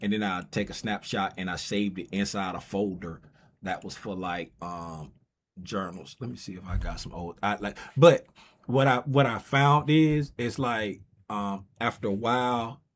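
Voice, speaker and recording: A man's voice: fairly low pitch, unhurried, a little hiss or hum. Playful man hosting a trading livestream. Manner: playful, teasing banter with viewers. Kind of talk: casual livestream chat.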